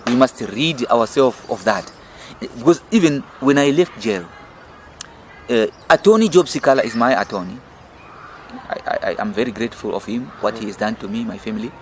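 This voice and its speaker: A man's voice: medium pitch, slight background noise. A middle-aged Zimbabwean man with a Zimbabwean accent, a political campaign leader giving a fiery, emphatic, rhetorical interview. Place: outdoor restaurant in city gardens.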